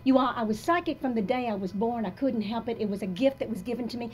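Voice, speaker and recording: Older woman motivational speaker, higher-pitched, emphatic and confessional, faint room hum behind. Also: fast. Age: about 60. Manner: emphatic, confessional, swinging between soft and loud. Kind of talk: live motivational talk. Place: coffee shop audience talk.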